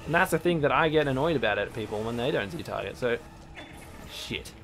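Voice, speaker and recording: A young man in casual let's play commentary, swearing a lot and bursting into yells at enemies. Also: mid-range voice, animated, a little fast. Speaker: gaming channel host. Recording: faint game music behind.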